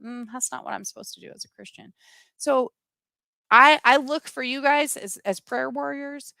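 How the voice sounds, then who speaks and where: A middle-aged woman speaks straight to her online viewers in a bright, ringing voice. She is earnest and impassioned, reading out their comments. The sound is close and dry. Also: high-pitched, normal speed, vocal fry, dry recording. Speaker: livestream host. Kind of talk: live-streamed personal talk to viewers.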